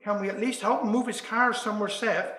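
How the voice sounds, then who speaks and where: A sensible middle-aged wife, softly scolding and quieter , as a man puts her on. The voice sounds in an echoey room. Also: high-pitched, steady tone, fairly quick. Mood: reproachful.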